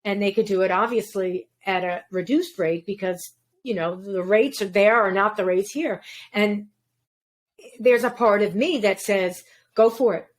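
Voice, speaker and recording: A woman hosting a podcast, talking casually and thoughtfully, often pausing and searching for words. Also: mid-range voice. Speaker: podcast host.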